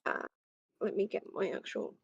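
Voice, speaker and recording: A woman narrating a tabletop game as game master, describing scenes with frequent pauses. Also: no room sound, highs cut off.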